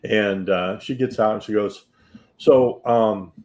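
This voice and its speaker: Middle-aged male host, lowish voice, casual storyteller who plays out each person in his tale. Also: moderate pace. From Northern California. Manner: animated anecdote teller, acts out quoted voices. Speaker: real estate broker and interview host.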